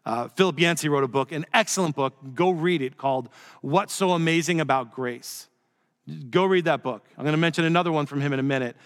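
Male pastor, a bit high-pitched, chatty sermon delivery, long reverb of a church hall. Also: brisk. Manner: conversational preaching with joking asides, dropping soft for emphasis.

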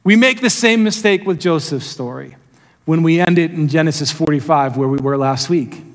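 Guy preaching, tells stories, kinda high voice, does little voices for quotes, big echoey hall. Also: moderate pace. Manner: storytelling, animated, acts out quotes in higher voice. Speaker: pastor. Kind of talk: sermon.

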